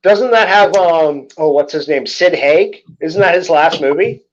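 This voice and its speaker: A man's voice: fairly high pitch, a little slow. Middle-aged guy hosting a late chat, swears a lot, laughs mid-story, kinda muffled cheap mic. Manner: profane, rambling, laughs through stories. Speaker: host. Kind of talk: casual late-night chat stream. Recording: lo-fi dull microphone.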